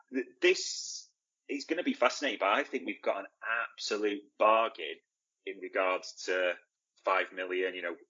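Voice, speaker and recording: A man's voice: low voice, a bit bright, muffled recording. A man co-hosting a football podcast in casual chat, blunt and opinionated, asking and answering his own questions. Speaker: podcast co-host.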